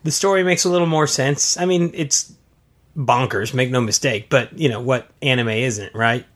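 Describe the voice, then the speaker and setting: A man co-hosting a casual podcast, giving easygoing, measured opinions on games. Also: mid-range voice, a bit bright. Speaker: podcast co-host. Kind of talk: casual chat about games.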